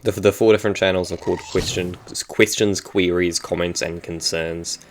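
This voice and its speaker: A man's voice: sits low, steady tone, moderate pace, noisy background. A young man with a New Zealand accent chatting casually in a vlog, rambling and often correcting himself. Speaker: YouTuber.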